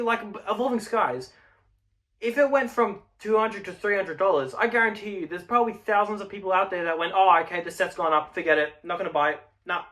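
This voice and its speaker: A man's voice: sits high, a bit bright. A young man hosting his own channel, talking bluntly and emphatically in a casual way, with the odd swear. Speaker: channel host. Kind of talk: casual straight-to-camera market talk.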